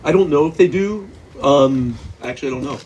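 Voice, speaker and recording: A man, a novelist, talking loosely at a bookstore event, full of "like" and quick laughs. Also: on the high side, darkish tone. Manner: rambling, heavy use of "like", laughs often. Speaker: novelist guest. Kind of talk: casual conversation at a book event. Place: bookstore event before an audience. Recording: distant mic with faint noise.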